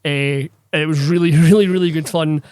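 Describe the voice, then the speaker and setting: A man's voice: on the high side, steady tone, a little fast, a little mellow, clear, resonant tone, no room sound. A man co-hosting a tabletop gaming podcast, rambling and swearing with enthusiasm. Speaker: podcast co-host, game master. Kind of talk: casual podcast chat.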